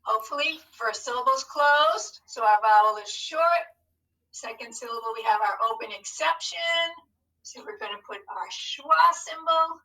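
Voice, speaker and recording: Slow bright-voiced woman teacher. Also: a little high, recorded from a distance, poor audio. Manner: slow, encouraging, modelling each syllable. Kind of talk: phonics lesson video.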